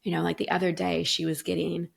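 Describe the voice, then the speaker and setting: Middle-aged woman guest, low and gravelly, earnest, thinks aloud. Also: monotone, fast talker. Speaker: guest coach. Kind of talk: reflective podcast conversation.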